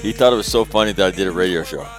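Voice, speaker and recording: Rambling, profane radio host, low voice. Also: male voice, racing, soft background music. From Northern California. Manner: rambling, profane, animated quoted asides. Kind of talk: casual storytelling monologue.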